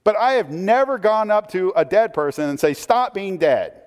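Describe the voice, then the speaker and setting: A man preaching a sermon in a conversational, animated way, with asides and questions to the listeners. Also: sits high, brisk, smooth. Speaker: pastor. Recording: long hall reverb.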